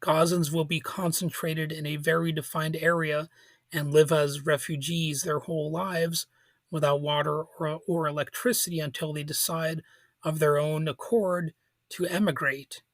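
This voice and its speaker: Male podcast host, somewhat high voice, informal and halting, dry recording. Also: little pitch movement, no echo. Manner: informal, halting, with restarts and soft laughs. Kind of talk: casual political commentary.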